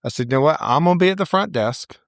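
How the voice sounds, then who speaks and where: Animated male storyteller, dry close sound. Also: a little high, fast, no echo. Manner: animated storyteller, acts out quoted voices, laughs often. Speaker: salon owner, podcast co-host. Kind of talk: casual storytelling chat.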